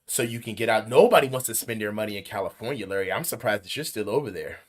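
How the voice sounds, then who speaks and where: Man, sports talk co-host, coach, casual, rambling, halting restarts, lowish voice.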